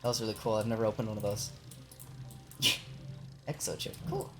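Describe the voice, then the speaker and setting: A woman's voice: very deep voice, steady tone, moderate pace, faint music behind. A young woman streamer chatting casually while gaming, telling a rambling work story full of swearing and laughter.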